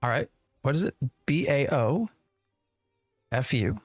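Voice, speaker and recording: A man talks through a live game stream in an exasperated, rambling way and often turns to answer his chat. His voice sits at an ordinary pitch, recorded dry and close. Faint music plays underneath. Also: animated, measured pace, dry recording. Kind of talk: live gameplay commentary.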